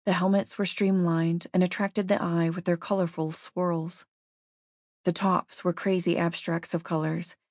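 A woman narrates a story at a steady, measured pace. Her voice sits on the low side, and the recording is dry and close with no room sound. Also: no room sound. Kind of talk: audiobook narration.

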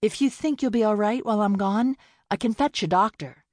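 A woman's voice: mid-range voice, brisk, a little mellow, no echo, studio quality, pitched above the performer's own voice, lightly acted. A woman voicing an earnest, flustered young farm woman who speaks kindly and trips over her words when nervous. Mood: flustered, caring.

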